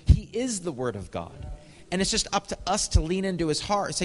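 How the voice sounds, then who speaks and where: A man's voice: on the high side, animated, fast, vocal fry, long reverb tail. An American man preaching a sermon, telling stories in a casual, conversational way with frequent chuckles. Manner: conversational, chuckles often, acts out dialogue. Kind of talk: storytelling sermon.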